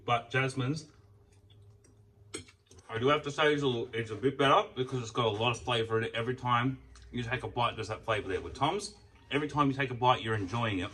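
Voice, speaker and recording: A man's voice: mid-range voice, sharp tone, distant mic, low-quality recording. Man, casual food vlog chatter, swears a lot, faint background hum. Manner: rambling, swears freely, talks while eating. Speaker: food vlogger. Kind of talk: casual mealtime chat.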